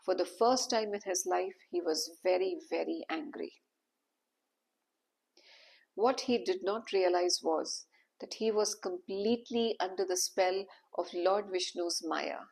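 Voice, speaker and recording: Gravelly-voiced woman telling devotional stories. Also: fairly low pitch, measured pace, darkish tone. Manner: dramatic, emphatic retelling. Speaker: storyteller. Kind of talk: devotional storytelling.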